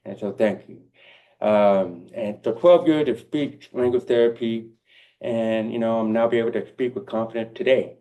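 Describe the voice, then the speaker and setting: A man's voice: mid-range voice, steady tone, normal speed, dark tone. A man with a deaf accent giving a heartfelt, encouraging keynote speech, speaking directly to his audience.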